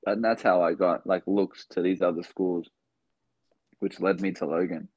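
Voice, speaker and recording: A man's voice: low-pitched, fairly even intonation, normal speed, a little mellow, breathy edge, no room sound, poor audio. A young man from Australia with an Australian accent, telling stories as a guest in a casual interview, full of fillers. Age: young adult. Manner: rambling, filler-heavy storytelling. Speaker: guest, basketball player.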